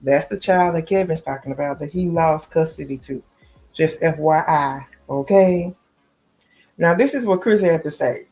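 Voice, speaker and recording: A woman's voice: sits low, normal speed, darkish tone. A woman hosting a casual gossip podcast, talking straight to listeners and calling them y'all and baby. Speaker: podcast host. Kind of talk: casual celebrity gossip commentary.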